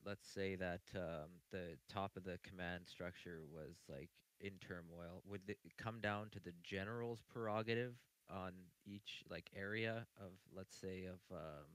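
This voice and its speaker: A man's voice: low voice, a bit bright, smooth, dry recording, poor audio. A man in a casual online panel chat, joking around and hesitating over his words. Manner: hesitant, joking, full of fillers. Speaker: panel guest.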